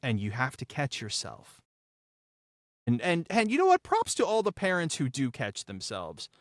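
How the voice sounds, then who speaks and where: A man, the writer and director, talking through his episode in a casual behind-the-scenes chat, emphatic and heartfelt, tripping over repeated words when excited. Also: medium pitch, normal speed, dry recording, studio quality.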